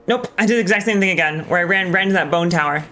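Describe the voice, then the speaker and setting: Very fast and forceful, this streamer's high, bright voice narrates his live gameplay. His talk is casual and candid, laced with frequent swearing and plenty of ums.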